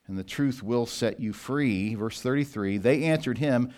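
A pastor giving an expository sermon in a deliberate teaching manner, slowing down to read scripture. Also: male voice, medium pitch, a little mellow.

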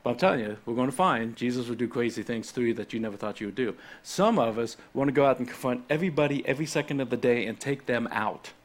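A man's voice: mid-range voice, quick pace, hardly any pauses. A man preaching a casual, conversational sermon and teaching from scripture, with frequent stammered restarts. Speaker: pastor.

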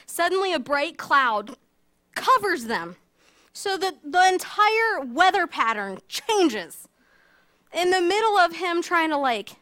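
A woman telling a Bible story in a casual, animated way, full of fillers and asides, as a teacher. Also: high voice. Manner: chatty, animated, many fillers.

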